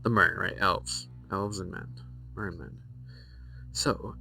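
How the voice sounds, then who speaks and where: A man streaming a game, rambling through its lore, reading passages aloud and thinking out loud with fillers and self-corrections. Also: low-pitched, slow pace, creaky, long pauses, soft background music, rough recording.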